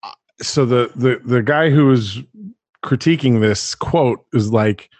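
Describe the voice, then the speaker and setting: Podcast host, man, mid-pitched, chatty and animated, dry close sound. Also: slow pace, no echo. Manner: animated, chatty, laughs often. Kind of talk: casual chat.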